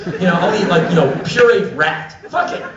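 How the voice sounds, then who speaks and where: A man telling profane, animated stories at a live spoken-word show, recorded from a distance in an echoey, dull-sounding venue. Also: sits high, normal speed, crowd noise. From United States. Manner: animated, profane, acts out quotes. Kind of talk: live comic storytelling.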